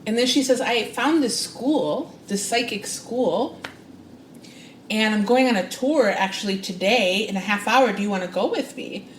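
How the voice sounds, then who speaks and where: A woman, guest on a podcast, telling a personal story with lively, expressive delivery and acting out the voices she quotes. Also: a little slow, reverberant, a little hiss or hum. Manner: expressive, acts out quoted voices with big pitch jumps. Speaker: guest psychic and spiritual coach. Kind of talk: animated storytelling in interview.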